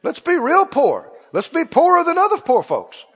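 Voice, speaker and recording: A man preaching a sermon in an animated, emphatic way, repeating his key lines for stress. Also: very high voice, moderate pace. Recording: long church reverb, dull lo-fi sound.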